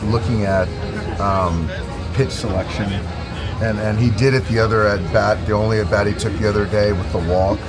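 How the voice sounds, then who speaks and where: A man's voice: fairly low pitch, fairly even intonation, normal speed, over loud music. A man, a team manager, answering reporters' questions thoughtfully with frequent hesitations. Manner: thoughtful, hesitant with many ums. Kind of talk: press conference answers.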